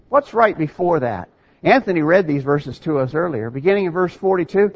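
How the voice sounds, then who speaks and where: Higher-voiced man preaching a sermon. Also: slightly rough. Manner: reads scripture aloud and asks the congregation rhetorical questions. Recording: dull lo-fi sermon recording.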